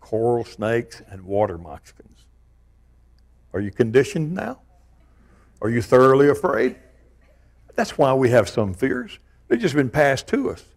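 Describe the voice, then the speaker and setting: An older man preaching a sermon, telling stories with animated, self-mocking humor. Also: medium pitch, unhurried, long pauses. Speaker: pastor.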